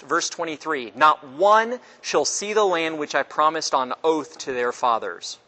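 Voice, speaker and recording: A man leads a casual Bible class, his voice sitting a little higher than most. He talks loosely and quizzes his listeners. He acts out quotes with sudden jumps in pitch. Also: bright, forceful tone. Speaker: Bible study teacher.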